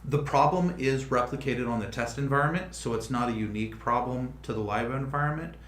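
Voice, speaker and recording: A man's voice: medium pitch, a little fast, fairly bright tone. Man rambling through a roomy livestream. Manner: rambling, thinking aloud with frequent restarts. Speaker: livestream host. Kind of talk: casual livestream chat.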